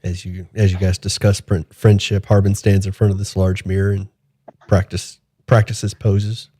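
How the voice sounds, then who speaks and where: A man's voice: deep voice, level tone, normal speed, dark tone, breathy edge, dry recording. A man narrating as game master of a tabletop game, describing actions as he goes.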